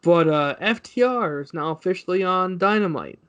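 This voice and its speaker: A man's voice: high voice, lively intonation, normal speed, fairly bright tone, clear, resonant tone. A man co-hosting a casual wrestling podcast, rambling and recounting what others said. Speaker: podcast co-host.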